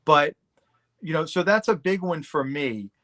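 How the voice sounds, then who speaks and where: A man's voice: a little high, expressive, measured pace, sharp tone. A middle-aged man talking candidly and bluntly as a guest in a casual interview. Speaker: podcast guest.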